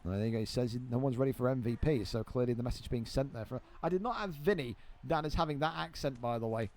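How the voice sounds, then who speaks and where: A young man calls live play-by-play on a video game fight, his medium-pitched voice moving fast. He's excitable, bantering with friends and swearing freely.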